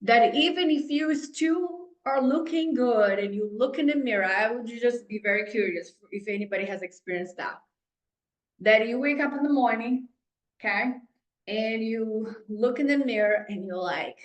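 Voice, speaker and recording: A woman coaching a group on a call, animated and chatty, often checking in with "right?". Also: on the high side, moderate pace, reverberant, rough recording. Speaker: fitness coach.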